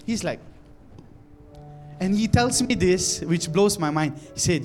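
A Malaysian pastor preaches a sermon through an animated story full of repeated phrases, building to fervent exclamations. His voice sits high and unhurried, with faint music in the background.

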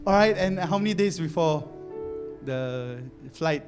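A man from Malaysia preaching a sermon, telling an animated story with many repeated phrases that builds to fervent exclamations. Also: on the high side, slow pace, soft background music. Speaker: pastor.

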